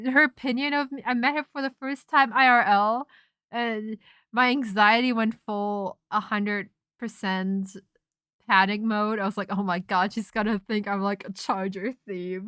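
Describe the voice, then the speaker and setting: A young woman streamer in casual chat, telling a rambling, animated story full of restarts and self-interruptions. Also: a little high, a little slow, smooth, no echo, clean studio sound. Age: young adult.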